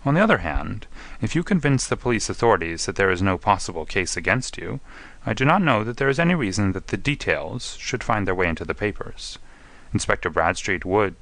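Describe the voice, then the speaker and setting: A man voicing a calm, clever gentleman detective, composed and precise. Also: lowish voice, no echo.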